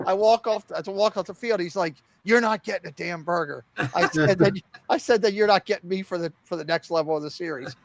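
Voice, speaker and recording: A middle-aged man co-hosting a podcast, telling a long story in a lively, laughing way and acting out the lines people said. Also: high voice, quick pace, few pauses, dry recording. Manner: animated, laughing storyteller who acts out quoted lines. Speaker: podcast co-host. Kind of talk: casual storytelling chat.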